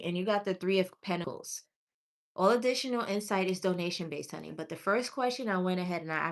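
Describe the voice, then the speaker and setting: A woman gives one-card tarot readings on a livestream. She talks casually and affectionately, reading viewers' names and questions aloud while scrolling. Her delivery is loose, with pauses and small restarts. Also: lowish voice. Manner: chatty and affectionate, calls viewers honey and sweetie. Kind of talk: live tarot reading, answering chat.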